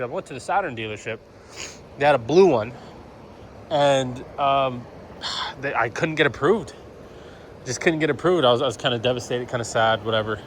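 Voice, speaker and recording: A man's voice: medium pitch, a bit bright, slight background noise. A man in his thirties talking casually for a vlog, rambling with lots of fillers and swearing. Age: 30s. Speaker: car vlogger.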